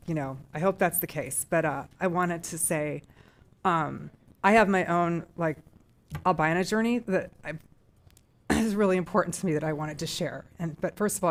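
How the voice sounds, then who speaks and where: A middle-aged woman with a low voice speaks at a public school board meeting. Her remarks are heartfelt and emotional, full of restarts and trailing phrases as she shares what the decision means to her.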